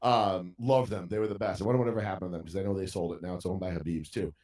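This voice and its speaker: A man's voice: low-pitched, steady tone, racing, a little mellow. A man telling a story in casual podcast chat, ranting with heavy profanity. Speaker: podcast co-host. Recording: roomy sound from a distant mic.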